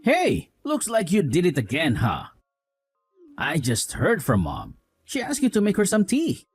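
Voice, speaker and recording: In a voiced drama story, a man fully plays a young husband who blindly sides with his mother and contemptuously scolds his wife. He lectures a little slowly, with wildly swooping pitch and a breathy edge. The sound is dry, close, and echo-free, with faint music underneath.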